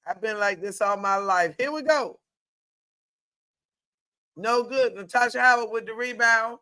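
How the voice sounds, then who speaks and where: A woman streaming live play-by-play commentary in a chatty, colloquial way, exclaiming loudly at good plays. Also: on the high side, unhurried, long pauses.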